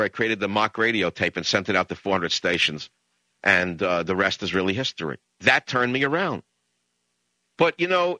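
An older man from the Bronx, hosting a radio talk show in an impassioned, emphatic monologue that swings into high, mocking rants. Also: pushed and bright, no room sound. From the Bronx, New York.

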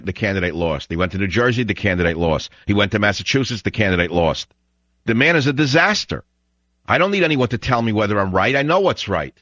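A lowish, slightly bright male voice belongs to a talk radio host giving a scornful, blunt call-in monologue. Recorded on a studio broadcast microphone, the audio is dull and dry, with no room sound.

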